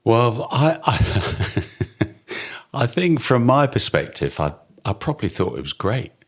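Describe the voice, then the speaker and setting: A man's voice: mid-range voice, big pitch swings, unhurried, slightly rough. A middle-aged man, co-hosting a casual family chat and telling wry, easygoing anecdotes. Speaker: podcast co-host.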